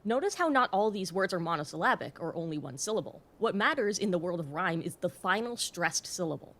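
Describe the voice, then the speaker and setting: A woman hosting an educational video, narrating from a script in a clear, explanatory way with the occasional wry aside. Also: on the low side, big pitch swings, brisk, a bit bright. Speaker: host.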